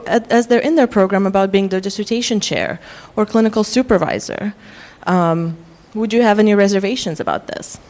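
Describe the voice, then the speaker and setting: A woman's voice: on the high side, darkish tone. Woman with faint Russian accent presenting. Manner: frequent ums, measured explanatory tone. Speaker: workshop presenter. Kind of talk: lecture to faculty.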